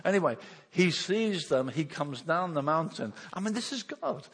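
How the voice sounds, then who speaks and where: Male preacher, lively pitch, slightly husky, long hall reverb, chuckles a lot. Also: moderate pace. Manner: animated, acts out Bible voices, chuckles often. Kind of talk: sermon.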